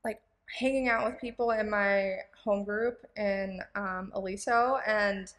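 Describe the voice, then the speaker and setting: A woman's voice: medium pitch, fairly even intonation, measured pace, a bit bright, in a large hall. A young woman guest on a podcast, telling her story in a candid, emotional way with lots of fillers and restarts. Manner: rambling, filler-heavy storytelling with many restarts; emotional and candid, close to tears. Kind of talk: casual podcast chat.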